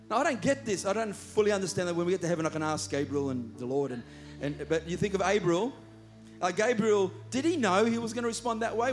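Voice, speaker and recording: A man preaching a sermon, emphatic and repeating words for stress. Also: high voice.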